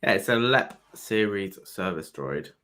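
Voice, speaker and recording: A man's voice: sits low, lively intonation, measured pace, pushed and bright. A man co-hosting a podcast, chatting casually with some hesitation and dry jokey asides. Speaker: podcast co-host. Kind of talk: casual fan review chat.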